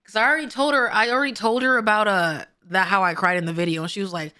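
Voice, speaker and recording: A woman's voice: medium pitch, animated, fast, bright, forceful tone, smooth. A woman from Seattle, streaming a game and ranting bluntly and profanely at her chat. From Seattle, USA. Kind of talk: live gameplay commentary. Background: game music.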